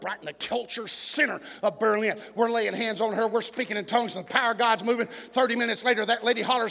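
Pastor hollering his sermon, high bright voice, long hall echo. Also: fast talker, vocal fry, few pauses. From Texas. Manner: storytelling, swings from shouting to low murmurs. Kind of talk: preaching a sermon. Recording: long echoing hall reverb.

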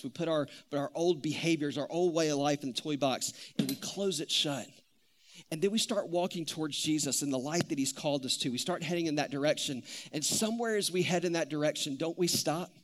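A man in his thirties preaching a sermon, telling stories in an animated, conversational way. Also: a little high. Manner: animated storytelling, conversational with many "like"s. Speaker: pastor.

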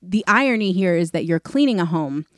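A woman's voice: on the low side, expressive, a little fast, no echo, studio quality. A woman from the New York area co-hosting a podcast, talking about a movie in an enthusiastic, conversational way. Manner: enthusiastic, conversational, fillers like "like" and "you know". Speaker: podcast co-host. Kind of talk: casual movie discussion.

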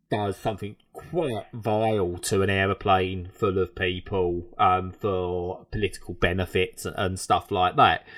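An Englishman with a low-sitting voice chats casually and animatedly about a TV show, rambling and frequently restarting his sentences.

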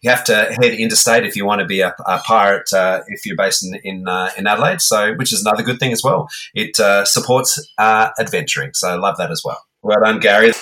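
An Australian man co-hosting a podcast, talking casually and haltingly with many ums and restarts. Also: fairly low pitch, pushed and bright. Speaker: guest co-host.

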